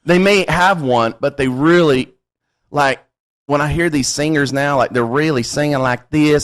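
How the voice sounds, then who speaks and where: A man's voice: fairly high pitch, unhurried, a bit bright. Male podcast host, casual rant, salty language, laughs as he talks. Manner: blunt, profane, laughing rants. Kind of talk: casual chat.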